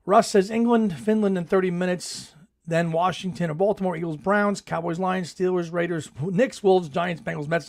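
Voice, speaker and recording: A man's voice: sits high, creaky. A middle-aged man hosting a live podcast chat, reading viewer comments in a chatty, enthusiastic way and laughing often. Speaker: podcast host.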